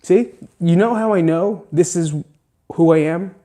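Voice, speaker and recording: A man with a high-pitched, warm voice speaks unhurriedly in an emotional solo podcast monologue. As host, he talks earnestly and emphatically, swears often, and sounds close to tears.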